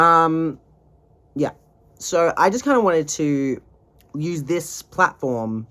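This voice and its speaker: A man's voice: a little high, lively intonation, slow pace, long pauses, pushed and bright. A man in his twenties ranting in a casual video diary, tired, profane and rambling. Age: 20s. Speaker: vlogger.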